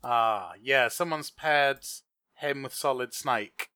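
A man's voice: mid-range voice, takes it slowly, pushed and bright, smooth, dry recording. A man co-hosting a podcast, trading dry jokes in casual banter. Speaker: podcast co-host. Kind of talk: casual chat.

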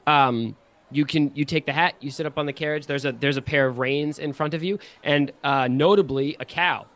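A man's voice: a little high, fairly quick, a bit bright. A man running a tabletop game as game master, narrating scenes in a playful, easygoing way.

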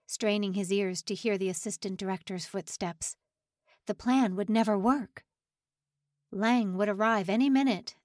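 A woman reading a dramatic story aloud as an audiobook narrator, with an expressive delivery. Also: medium pitch, dry recording, studio quality.

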